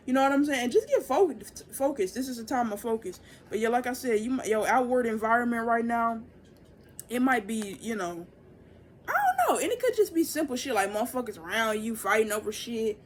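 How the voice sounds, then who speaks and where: A young woman giving a casual, profane oracle reading, loose and chatty, jumping into excited high bursts. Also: slight background noise. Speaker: tarot and oracle reader.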